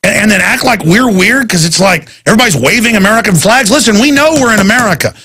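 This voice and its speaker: A man's voice: high voice, animated, fast, pushed and bright, husky. A man hosting a talk radio show, delivering a heated, rambling and indignant monologue.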